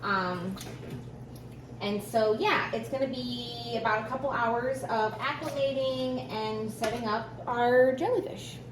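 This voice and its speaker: Excitable woman vlogging over background noise. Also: fairly high pitch, slow pace. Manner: excitable, chatty, talks to viewers as friends. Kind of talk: casual vlog chat to camera.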